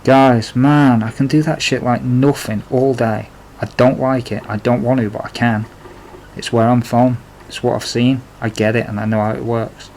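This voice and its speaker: A man's voice: medium pitch, fairly even intonation, normal speed, darkish tone, a little hiss or hum, rough recording. A man narrating his own life story in a plain, confessional way, with blunt swearing. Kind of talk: memoir storytelling.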